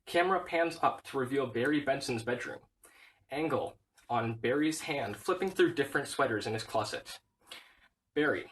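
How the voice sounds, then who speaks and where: A man's voice: mid-range voice, normal speed, a bit bright, distant mic, slight background noise, poor audio. Man reciting a script, heard from afar. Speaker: reader. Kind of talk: reading a script aloud.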